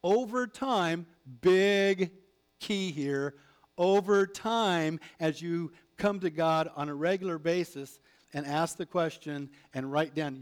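A man preaching a sermon as a pastor, animated, acting out prayers and replies. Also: fairly high pitch.

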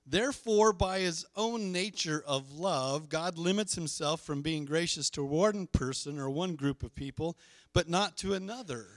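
A man's voice: a little high, measured pace, no echo, clean studio sound. A middle-aged male pastor preaching a sermon, emphatic and leading the congregation in call-and-response.

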